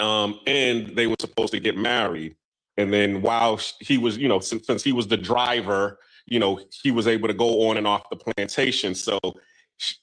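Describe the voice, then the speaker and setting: A man's voice: fairly low pitch, a bit bright, rough recording. A man hosting a casual talk show, rambling through long stories with lots of ums and restarts. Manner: rambling storytelling with many fillers. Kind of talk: casual discussion.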